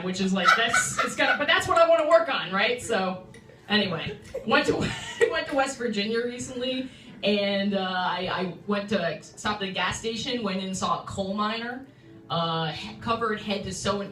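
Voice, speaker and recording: A woman's voice: mid-range voice, fairly bright tone, reverberant, recorded from a distance. A young woman from New York City doing a stand-up set at an open mic, chatty and self-interrupting, laughing at her own jokes, recorded from a phone in a small room. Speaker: stand-up comedian. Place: small comedy room indoors. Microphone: phone livestream from the room.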